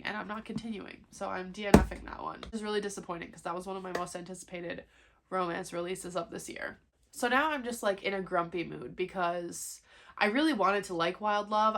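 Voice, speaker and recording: A woman's voice: fairly low pitch, a bit bright. Chatty young woman ranting about books. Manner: chatty, frequent "like", frustrated rant. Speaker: book vlogger. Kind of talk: casual chat.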